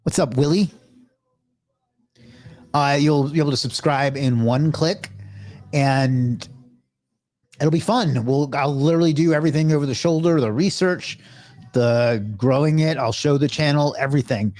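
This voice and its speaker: A man's voice: a little high, moderate pace, long pauses, darkish tone, no room sound. A man hosting a live stream, chatting casually with viewers, thanking them and asking them to subscribe.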